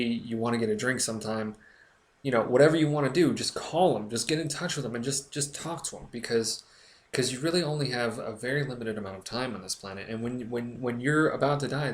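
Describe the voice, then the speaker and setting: A young man talking earnestly to camera in a personal vlog, stumbling and restarting often as he speaks with emotion. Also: medium pitch. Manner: earnest, halting, with frequent restarts. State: recovering, emotional. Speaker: blogger. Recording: echoey room.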